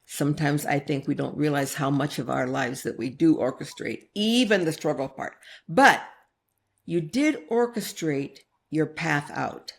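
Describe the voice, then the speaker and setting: A woman hosting a podcast interview, asking slow, reflective questions. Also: deep voice, vocal fry. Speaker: podcast host. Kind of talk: interview conversation.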